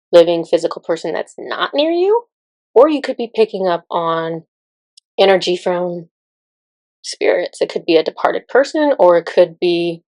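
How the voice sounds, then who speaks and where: A woman's voice: on the low side, a little mellow, no echo. Chatty woman teaching spiritual topics. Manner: chatty, laughs often, many fillers. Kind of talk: casual spiritual teaching talk.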